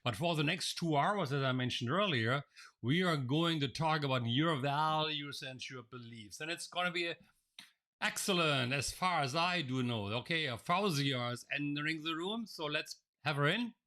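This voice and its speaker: A man runs a live coaching webinar over a video-call mic, greeting attendees and reading their names from the chat. His voice sits a bit high for a man and sounds bright and forceful. He often doubles back on words and restarts his sentences as he talks. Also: normal speed. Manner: addresses viewers directly, reads out names from the chat. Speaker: NLP trainer running a live online session. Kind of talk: interactive live webinar teaching. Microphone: video call microphone.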